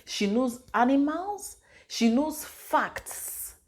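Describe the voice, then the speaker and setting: A woman's voice: high-pitched, very slow. Chatty Nigerian mother vlogging. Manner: chatty, animated storytelling with pidgin and Igbo asides. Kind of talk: casual advice vlog.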